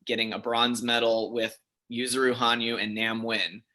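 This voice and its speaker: A man in his thirties, an interview guest, telling stories in a chatty, animated way with many fillers. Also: medium pitch, normal speed, crowd noise. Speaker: interview guest, figure skater. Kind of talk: casual interview storytelling.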